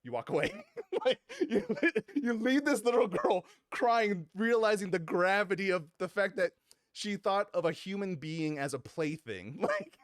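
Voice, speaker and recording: Animated man retelling a game. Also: sits high, unhurried, no room sound, studio quality. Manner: animated, laughing often, swears casually. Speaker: podcast host. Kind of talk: casual chat, retelling a video game.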